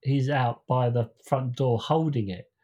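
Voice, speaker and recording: A man's voice: medium pitch, a little slow, mellow. A man co-hosting a podcast, telling a long story in a rambling, casual way with many restarts. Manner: rambling storyteller, acts out quoted voices. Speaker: podcast co-host. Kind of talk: casual chat.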